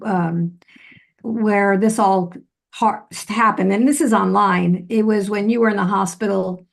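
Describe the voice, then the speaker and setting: A woman's voice: mid-range voice, steady tone, measured pace, gravelly. A middle-aged woman hosting a casual chat, speaking earnestly and reflectively, often restarting her sentences. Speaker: host. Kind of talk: casual conversation.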